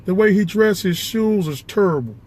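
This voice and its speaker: A man's voice: high voice, expressive, normal speed, a little mellow. A man impersonating a blustery, ranting basketball pundit who keeps calling out to his co-host. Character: loud gruff male basketball pundit.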